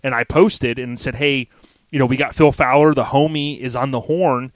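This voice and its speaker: A man's voice: mid-range voice, fairly even intonation, normal speed, no room sound. A man in his forties hosting a podcast, talking in a laid-back, slangy way and laughing often. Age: 40s. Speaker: podcast host. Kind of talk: casual podcast chat.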